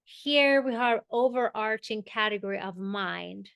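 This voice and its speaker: Woman, meditation teacher, tense bright tone, very measured delivery, keeps checking in with the class. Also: mid-range voice, vocal fry, clean tone, dry recording. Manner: unhurried, explanatory, checks in with "okay" and "right?". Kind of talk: spiritual teaching.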